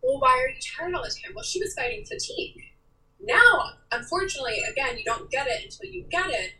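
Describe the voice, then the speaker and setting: A young woman with a high, bright voice that swings widely in pitch as she talks. She is an interview guest, animated and emotional, acting out quotes. She sits a little off from the mic. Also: brisk, distant mic, poor audio. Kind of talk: candid interview talk.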